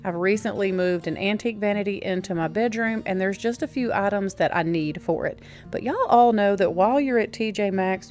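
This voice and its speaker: A woman, chatting casually as a vlog host, friendly and rambling, laughing now and then. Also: medium pitch. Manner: friendly, rambling, uses y'all, laughs often. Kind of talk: casual chatty voiceover and haul talk. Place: home.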